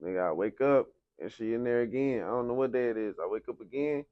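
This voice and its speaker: A man's voice: mid-range voice, fast, no echo, lo-fi sound. A young man from San Antonio, Texas, telling his life story in a casual interview, heavy on slang and "you know what I'm saying". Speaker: interview guest, rapper.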